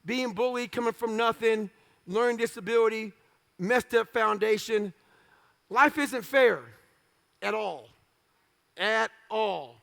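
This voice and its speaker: A man with a strikingly high, gravelly voice tells his story in short, blunt, profane bursts. His delivery is forceful, with sudden loud outbursts. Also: slow pace, long pauses. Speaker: motivational speaker. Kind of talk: storytelling talk.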